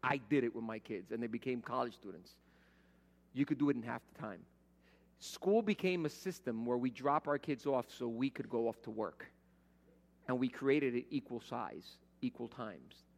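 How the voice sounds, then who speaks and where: A man's voice: mid-range voice, normal speed. A middle-aged man preaching a conversational sermon as pastor, telling everyday stories and acting out the voices he quotes. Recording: long hall reverb.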